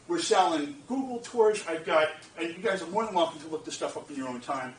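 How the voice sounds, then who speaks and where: Animated man telling a story in an echoey room. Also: a little high, brisk, slight background noise. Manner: animated, laughing, repeats phrases, asks the audience "you get what I'm saying?". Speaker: speaker at a lecture event. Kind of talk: storytelling talk to an audience. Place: lecture room. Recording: roomy, distant from the mic, faint ambience.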